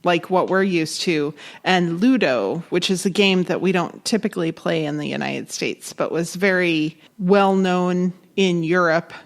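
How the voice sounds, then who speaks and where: A woman co-hosting a podcast, reacting to her friend and then briskly reading out facts and trivia. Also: on the low side. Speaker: podcast co-host. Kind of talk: casual chat.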